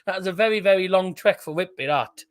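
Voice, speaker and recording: A man's voice: sits high, fast talker. A man hosting a live stream, calling out cup draw fixtures and chatting with viewers in the live chat. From England.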